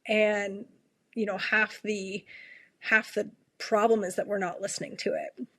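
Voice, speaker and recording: A woman's voice: medium pitch, little pitch movement, measured pace, fairly bright tone, dry recording. A woman from Canada, an ER nurse, telling a personal story as a podcast guest in an earnest way, often restarting and repeating herself. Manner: earnest, frequent self-restarts, repeats her questions.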